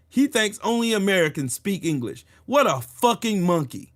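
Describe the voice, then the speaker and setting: A man's voice: high voice, big pitch swings, moderate pace, fairly bright tone. A male channel host delivering a ranting commentary, combative and mocking, with heavy profanity.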